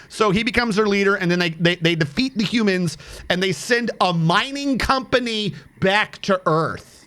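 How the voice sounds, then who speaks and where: A man's voice: high voice, moderate pace, pushed and bright. A man streaming a game, chatting casually in a rambling, profane way and counting under his breath as he plays. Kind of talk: casual rambling commentary while playing a game.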